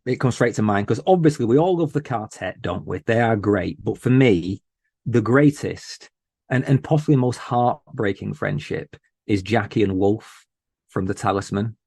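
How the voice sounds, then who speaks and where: A man guest on a podcast, talking in an earnest, emotional way with many halting restarts. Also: fairly low pitch, creaky, a little mellow, husky, no room sound, studio quality. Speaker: podcast host, interview guest. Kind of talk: casual interview chat.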